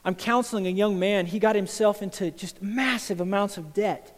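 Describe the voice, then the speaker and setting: A male pastor preaching a sermon to a congregation. He moves from loud, emphatic lines to quiet, intense ones. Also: high-pitched, moderate pace. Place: church sanctuary. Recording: church hall with long reverb.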